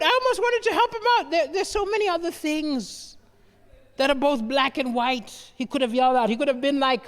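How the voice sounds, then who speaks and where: Performing stand-up on a live stage, a southern African man tells animated stories, stammering into restarts and dropping "right?" asides. His voice is very high-pitched and brisk, and the sound fills a big room.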